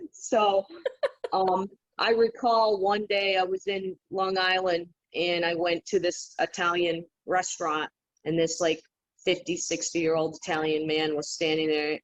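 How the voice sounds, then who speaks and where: A woman guest on a podcast, telling stories in an animated, casual way and laughing often. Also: lowish voice, a little slow. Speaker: podcast guest, psychic healer. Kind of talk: casual interview storytelling. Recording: dull lo-fi remote audio.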